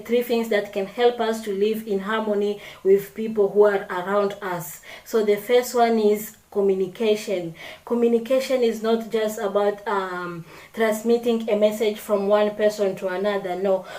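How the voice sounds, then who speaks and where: A woman vlogger gives casual advice straight to camera, circling back and correcting herself as she goes. Her voice is mellow and a little dark. The room around her rings with echo. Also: mid-range voice. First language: French. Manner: unscripted, repeats and corrects herself, acts out quoted examples.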